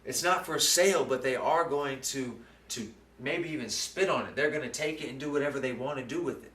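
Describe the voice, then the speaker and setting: A man's voice: medium pitch, a little fast, fairly bright tone. Rambling man, echoey and far from mic. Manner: rambling, keeps asking "you know what I'm saying?". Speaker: channel host. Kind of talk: casual musing monologue. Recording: roomy, distant mic, faint background noise.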